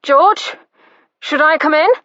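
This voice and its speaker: A man's voice: extremely high pitch, slow pace, no echo, lo-fi sound, voice pushed up, full character voice. A woman doing a worried brother calling out. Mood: anxious, calling. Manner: loud, calling out. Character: worried young brother calling through a door.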